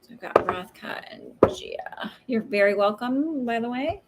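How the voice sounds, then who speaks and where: A woman in her thirties gives a live psychic reading on a livestream, answering viewer questions casually and hesitantly, with plenty of fillers and friendly asides. Her voice is on the high side, expressive, and unhurried, with background noise present.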